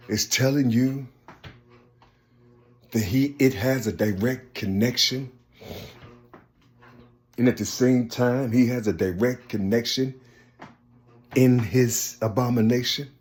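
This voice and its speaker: A man in a rambling personal monologue, halting and repetitive, often asking "you see?" and trailing off softly. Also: medium pitch. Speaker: speaker sharing personal visions.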